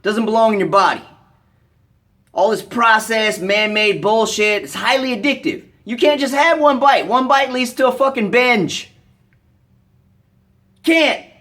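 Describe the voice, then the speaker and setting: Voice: mid-range voice, unhurried, pauses often. Profane, scolding American vlogger. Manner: profane, blunt, scolding, bursts of shouting. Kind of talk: angry rant to camera.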